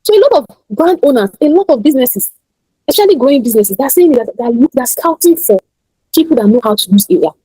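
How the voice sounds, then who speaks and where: A woman's voice: high-pitched, expressive, fast talker, dark tone, breathy edge, no echo, poor audio. A Nigerian woman teaching an online class, emphatic and motivational, often repeating her key points.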